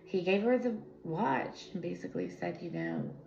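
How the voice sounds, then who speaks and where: A woman's voice: lowish voice, wildly swooping pitch, normal speed, vocal fry, darkish tone. A woman giving a casual spiritual tarot reading, rambling and tangential, with many fillers, recorded on a phone. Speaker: tarot reader. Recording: echoey room, dull lo-fi sound, faint music.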